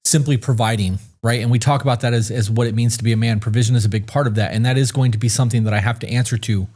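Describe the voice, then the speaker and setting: A man co-hosts a podcast in loose, candid chat. He rambles and swears freely, his voice sitting at an ordinary middle pitch. He sounds short on sleep. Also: fairly even intonation, rapid-fire, darkish tone. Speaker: podcast co-host. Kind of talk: casual chat.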